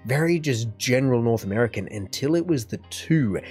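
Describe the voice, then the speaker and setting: A man's voice: medium pitch, expressive, brisk, darkish tone, soft background music. A man with an Australian accent, hosting a reaction video and giving long, opinionated casual commentary. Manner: chatty, opinionated, talks at length.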